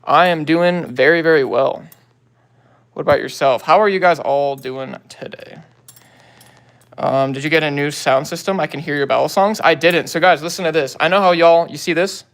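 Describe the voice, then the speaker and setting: This young man's voice is on the high side and fairly bright, with fairly even intonation and a normal pace. He's hosting a phone livestream, casually greeting viewers and responding to comments in easygoing slang.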